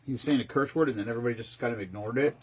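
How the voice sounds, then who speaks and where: A man's voice: mid-range voice, racing. A man in his fifties chatting casually as a host, rambling and swearing, with lots of restarts. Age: 50s. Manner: rambling and profane, with frequent restarts. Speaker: streamer host. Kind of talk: casual chat.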